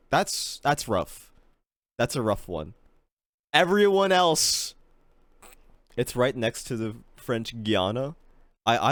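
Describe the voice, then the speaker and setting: A man's voice: medium pitch, dry recording. A man streaming a guessing game, chatting casually, swearing freely and poking fun at himself. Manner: swears freely, animated and self-mocking. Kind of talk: casual live-stream commentary.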